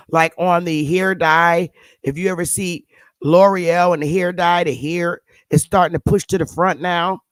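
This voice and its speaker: A woman's voice: on the low side, dry recording. A woman hosting her channel, giving blunt, sarcastic casual commentary on pictures and scolding her viewers. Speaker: channel host.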